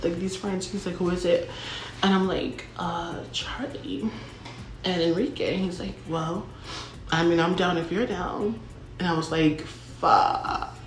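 A young woman telling a casual storytime monologue, chatty and full of filler words and dramatic asides. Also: lowish voice. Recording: roomy echo.

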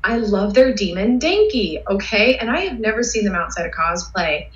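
A woman guest telling excitable, rambling stories with lots of fillers in a casual interview. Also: mid-range voice, normal speed. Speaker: guest cosplayer. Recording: roomy, dull sound.

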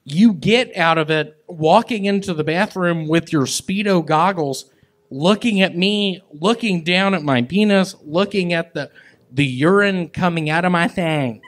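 A man doing stand-up on stage, with a slow, halting, awkward delivery full of odd pauses. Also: sits high, a bit bright. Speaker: comedian. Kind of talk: live stand-up and crowd banter. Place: comedy stage with live audience.

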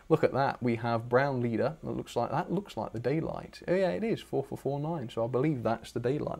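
This young man from Britain runs a live stream and reads viewer messages aloud while displaying their photos. His mid-range voice is gravelly yet mellow, and his casual chatter is eager, with plenty of jokes at his own expense.

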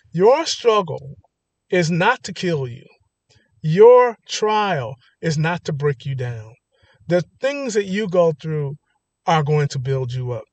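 A man's voice: fairly high pitch, darkish tone, dry recording. A man preaching a sermon, emphatic and rising to stress points, often restarting his words. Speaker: pastor.

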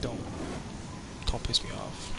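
A young man streaming a game live, scolding his teammate in an exasperated way, swinging from low mutters to sudden yells. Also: takes it slowly. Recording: noisy game stream audio.

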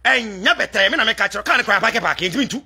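A Ghanaian man delivering a fiery vlog rant to supporters, switching between Twi and English and breaking into shouts. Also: high-pitched, lively intonation, fast, vocal fry. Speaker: political commentator addressing supporters abroad.

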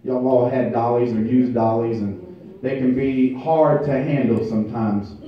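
A male pastor preaching a sermon, building from quiet to loud, emphatic delivery with drawn-out phrases. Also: medium pitch, fairly even intonation. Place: church sanctuary. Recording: distant echoey church recording, muffled.

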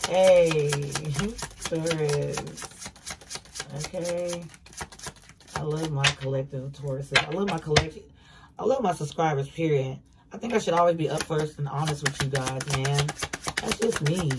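A tarot reader delivers a casual reading in an emphatic, blunt manner. The voice sits at a middling pitch and leans on repetition and swearing for stress. A faint hiss runs under the recording.

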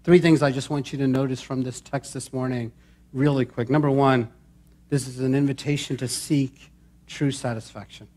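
A man's voice: medium pitch, steady tone, moderate pace, darkish tone. A male pastor preaching a sermon, chatting with his congregation and building to emphatic calls. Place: church sanctuary.

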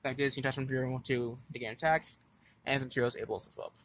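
Casual man, mid-pitch, talking through a card deck, stumbles and restarts as he reads. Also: fairly even intonation, very fast, fairly bright tone. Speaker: card game deck explainer.

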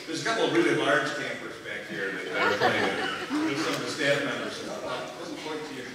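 A bandleader giving rambling, joking stage banter between tunes at a live concert, chuckling often. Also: male voice, mid-range voice. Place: concert hall with an audience. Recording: echoey hall from far off, noisy.

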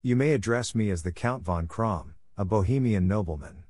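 An imperious masked nobleman, as a man reads him, grave and commanding in a low register. The audiobook is recorded close and dry, with no room sound. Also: moderate pace, darkish tone, no echo, natural voice.

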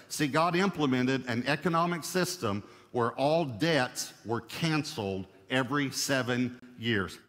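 A man preaching a sermon at a mid-range pitch, driving his points home by repeating them. His voice carries a long reverb, like a large hall. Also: moderate pace, few pauses, fairly bright tone. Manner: emphatic, repeats key phrases for stress. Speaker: pastor.

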